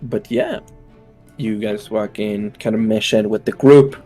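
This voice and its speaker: A man's voice: fairly low pitch, measured pace, mellow, soft background music. Young man narrating a tabletop game. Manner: hesitant, many fillers and restarts. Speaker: game master.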